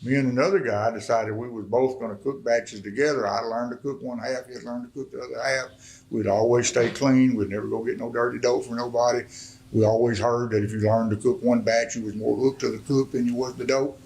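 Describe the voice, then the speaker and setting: A man's voice: mid-range voice, fairly even intonation, fairly quick, gravelly, a little mellow, a little hiss or hum, low-quality recording. Male guest speaker, middle-aged, folksy testimony-style preaching, mid-range voice. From Arkansas. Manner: folksy storytelling, swelling to impassioned preaching. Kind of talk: testimony sermon.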